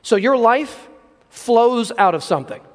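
A man preaching a sermon, earnest and emphatic, slowing down to stress key words. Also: extremely high pitch, sing-song, long reverb tail. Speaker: pastor.

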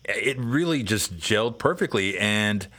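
A man's voice: on the low side, lively intonation, measured pace, a bit bright, husky. A man hosting a casual podcast chat, telling long rambling stories and acting out what people said. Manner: rambling storyteller, acts out quotes. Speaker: podcast host.

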